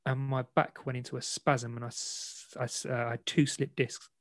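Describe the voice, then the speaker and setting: A man's voice: mid-range voice, moderate pace, no room sound. Frank man telling his story. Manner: frank, self-deprecating, animated retelling. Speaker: interview guest, boxer. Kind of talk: candid personal storytelling.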